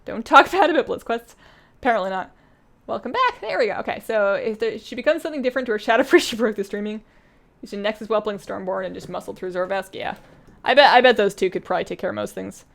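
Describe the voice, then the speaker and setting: A woman's voice: medium pitch, expressive, quick pace, creaky, a bit bright. A woman game streamer chatting casually during a live stream, reading chat aloud and laughing often.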